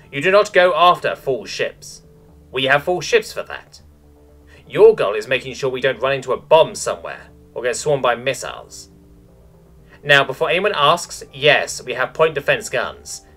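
A man's voice: mid-range voice, a bit bright. A man voicing a brash, snooty female starship captain who lectures cadets in a mock-aristocratic bark.

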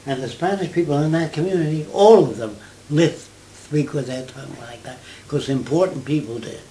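An older man from New York, answering an interviewer in conversational storytelling, with anecdotes and quick mimicked accents. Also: fairly high pitch, dark tone, reverberant, slight background noise, low-quality recording.

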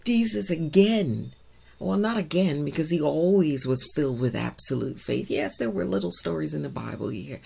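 Woman pastor, emphatic sermon delivery, gravelly husky voice. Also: lowish voice. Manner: emphatic, says she is loud, shouts key words. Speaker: minister.

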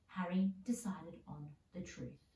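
Mellow woman reading a storybook. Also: fairly low pitch, slow pace. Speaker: reader. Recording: roomy sound, mic at a distance.

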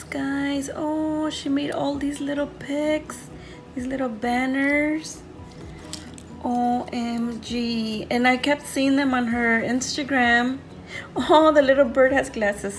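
A woman with a fairly high voice gushes over craft goodies in an easygoing unboxing vlog. She talks slowly and lingers on each word. Music plays clearly behind her. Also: low-quality recording. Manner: gushing, excited, says "so cute" often. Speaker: craft channel host.

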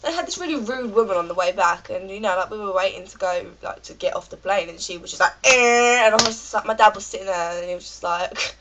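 A woman's voice: medium pitch, fast talker, few pauses, fairly bright tone, a little hiss or hum, rough recording. A British woman with a cold, ranting in a rambling, chatty vlog full of fillers. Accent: British English. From Britain. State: has a cold. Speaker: vlogger.

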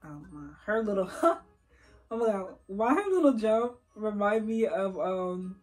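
A woman's voice: mid-range voice, expressive, unhurried, a little mellow. A young woman giving casual let's-play commentary at her computer, chatting to the viewers and coaxing and teasing the game characters. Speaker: gaming YouTuber. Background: faint game music.

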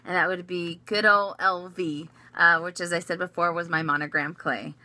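Giggly and rambling, a woman in her thirties chats casually as a vlogger, fielding viewer questions with frequent fillers and restarts. Her voice sits on the low side with a sharp tone, fairly even intonation, and a moderate pace.

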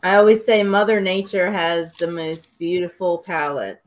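A woman's voice: lowish voice, fairly even intonation, moderate pace. A woman guest on a livestream panel, chiming in with short agreements and remarks. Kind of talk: casual livestream chat.

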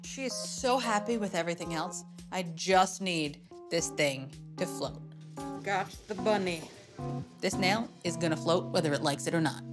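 A woman nail artist talking through her work in a reality show, upbeat and quick to laugh. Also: fairly low pitch, over music. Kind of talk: reality show narration and salon chat.

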